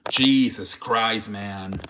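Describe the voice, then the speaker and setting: Guy on a live sports stream, sharp bright voice, rambling and cussing, talking to chat. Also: fairly low pitch, drawn-out words, slight background noise. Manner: rambling, profane, talks to chat viewers.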